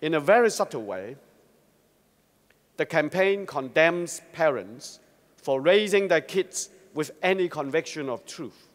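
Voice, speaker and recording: A man giving a formal, prepared address to a Christian congress, speaking in a measured, earnest and rhetorical way. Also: fairly high pitch, lively intonation. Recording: long reverb of a large hall.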